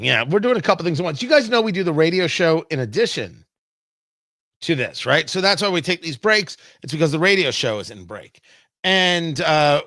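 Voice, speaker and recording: A talk show host with a fairly high, bright voice delivers combative, emphatic commentary. His pitch swings widely as he presses his points. The sound is close and dry. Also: big pitch swings, fairly quick, no echo.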